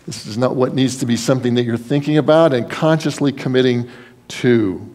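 A pastor preaches a sermon in a middle-pitched male voice with a darkish tone. He's brisk, earnest and conversational, leaning on folksy asides as he goes.

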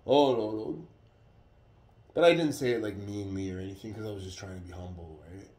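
A man telling a story in a casual, profane, animated way. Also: sits low, fast. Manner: profane, animated retelling with acted quotes. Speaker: vlogger. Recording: roomy echo.

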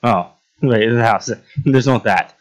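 A man's voice: mid-range voice, takes it slowly. A young man casually chatting and role-playing while playing a game, often laughing and trailing off with fillers. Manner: giggly, rambling, voices many characters. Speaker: game roleplay host. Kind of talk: casual roleplay gameplay chat.

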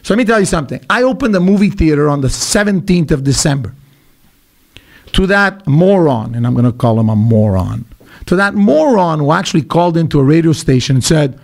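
Animated, blunt middle-aged man. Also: fairly high pitch, fairly quick, gravelly. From Quebec, Canada. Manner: animated, emphatic storytelling with blunt asides. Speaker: podcast guest, businessman. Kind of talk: casual podcast conversation.

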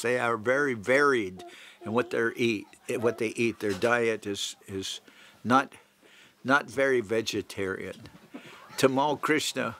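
A man gives a relaxed devotional class in a private home, his mid-pitched voice carrying a gravelly edge. He talks in a loose, conversational way, full of "you know" fillers and restarts. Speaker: guru giving a class. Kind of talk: devotional lecture.

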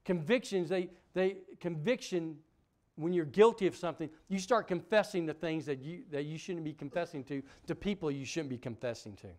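A man preaching a sermon as pastor, emphatic, asking the congregation questions, swinging from loud peaks to quiet drops. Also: fairly high pitch, fairly quick. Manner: asks the congregation rhetorical questions.

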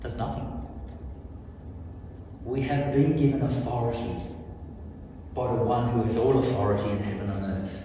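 A man preaching a charismatic sermon, fervent, swinging from soft asides to loud commanding shouts. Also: mid-range voice, steady tone, normal speed, pauses often, slight background noise. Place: large hall with long echo. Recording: echoey hall from far off, faint ambience.

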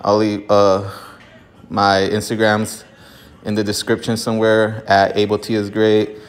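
A man's voice: on the low side, completely flat delivery, measured pace. A man talking casually to camera in a home garage gym, out of breath from exercise, laid-back and profane, with lots of fillers. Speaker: vlogger opening card packs. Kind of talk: casual vlog talk to camera.

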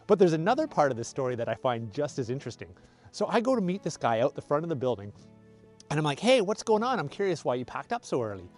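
A man teaching about nature, telling a story to camera with enthusiastic, animated energy. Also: a little high. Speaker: outdoor nature educator.

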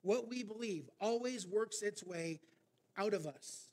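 High-voiced pastor telling a story. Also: male voice, animated, unhurried, darkish tone. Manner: narrates a story with frequent fillers. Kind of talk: sermon storytelling.

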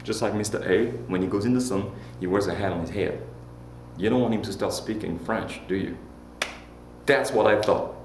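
A man's voice: lowish voice, normal speed, long pauses. A man teaching a lesson, playful and joking, leading repeat-after-me drills. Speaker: Spanish teacher. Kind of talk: classroom lesson. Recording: roomy echo with faint hum.

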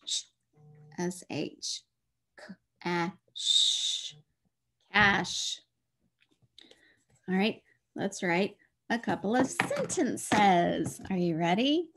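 A woman leads a phonics lesson for young children, speaking at a very slow, deliberate pace. She sounds out each letter patiently, often in a soft whisper, before saying the whole word. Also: medium pitch. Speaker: teacher.

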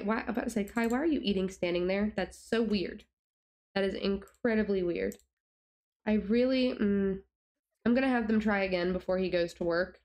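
A young woman talks through her gameplay in a loose, rambling way, repeating her questions and talking to the characters on screen. Her voice sits at an ordinary middle pitch, and her commentary stays casual and exasperated. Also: a little mellow. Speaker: gaming YouTuber.

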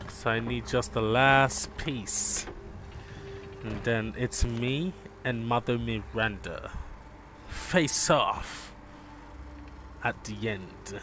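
A man giving relaxed live gameplay commentary, chatting with viewers and calling them bro. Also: medium pitch, drawn-out words, long pauses, slight background noise. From Jamaica. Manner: laid-back, chats with viewers, calls them bro. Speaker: gaming streamer.

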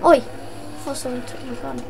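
A woman's voice: sits high, steady tone, a little fast, vocal fry, very noisy. A woman with a worn-out voice, casually commenting on a game she is playing, joking and yelping when startled. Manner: jokey, yelps and shouts at scares. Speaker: gameplay commentator. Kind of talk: casual let's-play commentary.

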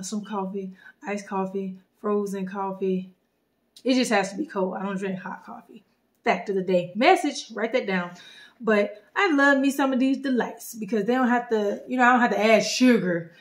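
A woman vlogging a casual drink review, playful and slangy with sudden animated bursts. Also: medium pitch. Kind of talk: casual chat.

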